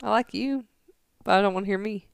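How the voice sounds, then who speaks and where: A young woman co-hosts a casual podcast, rambling and arguing her point with heavy use of fillers. Her medium-pitched voice is fairly quick, creaky, and smooth, captured in clean studio sound with no room echo.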